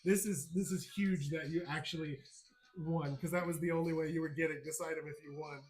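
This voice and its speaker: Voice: mid-range voice, fairly even intonation, fairly quick, darkish tone, rough recording. A game master narrating a tabletop game on a live stream, laughing often and telling the story with energy.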